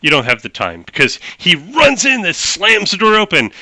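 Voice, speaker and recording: A man's voice: high voice, big pitch swings, moderate pace, pushed and bright, no echo. A man narrating a tabletop game as game master, explaining rules at length with frequent restarts.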